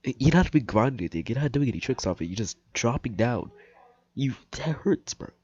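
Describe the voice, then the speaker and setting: A man's voice: medium pitch, sing-song, fairly quick, a little mellow, slightly rough. A young man giving blunt, mocking reaction commentary and swearing freely. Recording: dull lo-fi mic.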